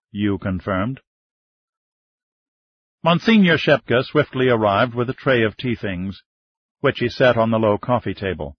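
A man narrating a novel in a steady, even storytelling manner. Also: medium pitch, a little slow, husky, no room sound. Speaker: audiobook narrator. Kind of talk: scripted narration. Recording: dull lo-fi dry recording.

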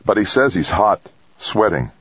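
A man's voice: low-pitched, moderate pace, breathy edge, no room sound, muffled recording, pitched above the performer's own voice, heavily acted. A man voicing a stranded male astronaut who sounds tense but in control. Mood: tense, controlled. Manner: terse, calm under pressure.

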